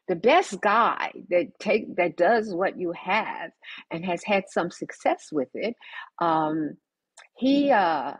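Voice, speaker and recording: An older woman, a podcast guest, telling her story in an animated, emphatic way and acting out the dialogue. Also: medium pitch, breathy edge, dry recording, rough recording. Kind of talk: conversational storytelling.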